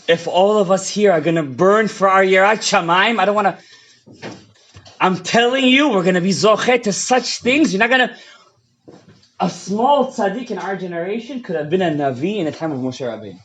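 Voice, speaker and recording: Impassioned rabbi, high lively voice. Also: male voice, moderate pace. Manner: impassioned, swings between shouting and hushed asides; mixes English with Hebrew and Yiddish terms. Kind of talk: fiery Torah lecture. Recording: dull lo-fi audio.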